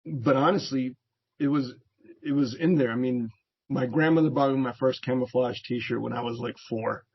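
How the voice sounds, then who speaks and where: The speaker is a middle-aged man from the United States, a veteran and therapist, casually recounting his youth as an interview guest. His mid-range voice is slightly rough at a normal pace, and he laughs often while acting out quoted voices. Audio quality is dull and lo-fi.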